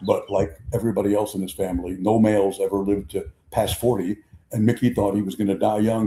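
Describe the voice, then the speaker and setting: An older man hosts a sports show, telling long anecdotes with a lowish, mellow voice. He acts out the quotes as he goes. The sound is roomy and echoey. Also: fast talker. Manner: animated raconteur, acts out quotes. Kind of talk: casual sports storytelling. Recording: echoey room.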